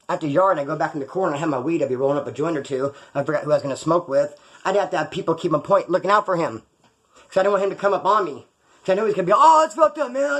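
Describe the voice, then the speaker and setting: Fast-talking man telling prison stories. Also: on the high side, fairly bright tone, rough recording. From California. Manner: rambling, conversational with prison slang. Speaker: vlogger. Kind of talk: casual storytelling vlog.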